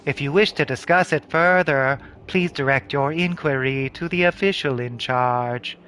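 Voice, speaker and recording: A man voicing an eerily polite, smiling soldier in a video game, speaking low, soft and measured. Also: slight background noise, close to an everyday voice. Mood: courteous.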